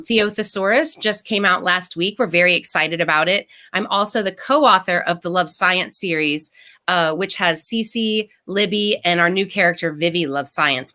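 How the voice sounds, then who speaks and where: Over a video call, a woman author with a mid-range voice reads her picture book aloud for a live storytime. She reads expressively and pauses to explain words in simple terms for children.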